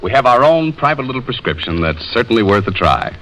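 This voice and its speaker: A man's voice: medium pitch, very animated, a bit bright, poor audio. Wisecracking radio host man. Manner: quick, wisecracking and playful. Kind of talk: 1930s radio comedy banter.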